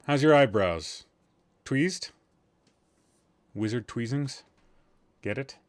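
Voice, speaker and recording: The recording is clean studio sound without any room reverb, carrying a man's animated, mid-range voice at a slow pace. He's the host of a casual gaming livestream, rambling and joking about himself, swearing now and again, and sounding tired and loopy.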